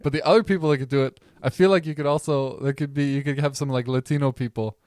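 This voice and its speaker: A young man from the American Midwest with a Midwest accent, co-hosting a podcast in relaxed, rambling casual chat. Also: medium pitch, quick pace, no room sound, studio quality. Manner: relaxed, rambling, laughs often. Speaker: podcast co-host.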